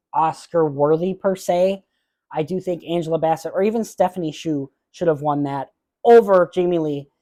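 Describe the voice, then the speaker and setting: A man hosting a solo movie podcast, chatting casually and giving blunt opinions with frequent filler pauses. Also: on the high side, darkish tone. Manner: openly emotional about awards moments.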